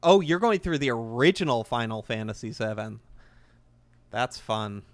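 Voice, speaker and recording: A gaming video creator in his twenties chats casually while playing a game, his medium-pitched voice expressive and at normal speed. He's rambling and enthusiastic, restarting often.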